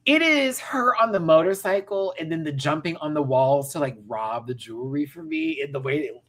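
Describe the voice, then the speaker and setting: A man's voice: fairly high pitch, expressive, normal speed, fairly bright tone. A man in his thirties hosting a casual pop-culture rant, sassy and campy with frequent laughs. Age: 30s. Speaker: host.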